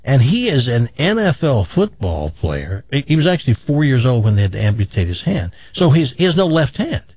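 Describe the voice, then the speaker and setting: A man's voice: a little fast, breathy edge, no room sound, highs cut off. A man hosting a radio show, chatting casually and telling a long joke, his voice jumping up for the quoted characters. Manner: animated storyteller, pitch jumps up for quoted characters.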